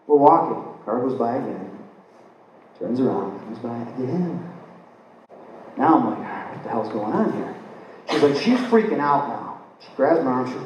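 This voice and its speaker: Male lecturer, live talk, animated storyteller who acts out the dialogue, distant mic in a very echoey room. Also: mid-range voice, normal speed. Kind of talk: live spiritual lecture, personal anecdote. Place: event hall, recorded from the audience. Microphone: distant camera mic. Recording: echoey hall, distant mic, faint hiss.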